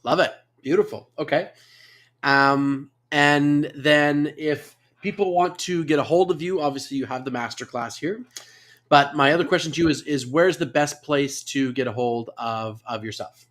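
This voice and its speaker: A man's voice: a little high, normal speed, fairly bright tone. Upbeat man hosting a live interview. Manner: upbeat, effusive, with exclamations. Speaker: host.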